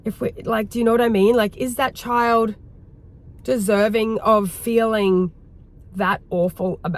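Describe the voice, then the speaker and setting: A woman hosting her own video and leading a heartfelt guided reflection, rambling gently and filling her talk with "like". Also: on the high side, fairly even intonation, unhurried. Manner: rambling, heartfelt, full of "like" fillers. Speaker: wellness host.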